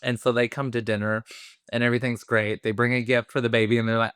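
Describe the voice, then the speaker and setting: A man's voice: mid-range voice, little pitch movement, fast, a bit bright, clean tone, no echo, clean studio sound. A man co-hosting a film review podcast, casually retelling a plot in a rambling way, full of fillers and acted-out quotes. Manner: rambling, many fillers and restarts, acts out quotes.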